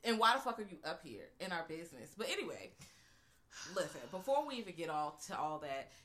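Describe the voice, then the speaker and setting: A woman's voice: lowish voice, very animated, fairly quick, fairly bright tone. A woman casually chatting as a podcast co-host about a movie, blunt and profane in her commentary. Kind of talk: casual chat reviewing a movie.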